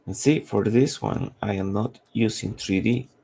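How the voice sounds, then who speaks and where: A low-voiced man with a gravelly, strained edge talks through his drawing on a live stream. He is losing his voice and thinks aloud in a slow, halting way that wanders as he works. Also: mellow. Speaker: comic artist.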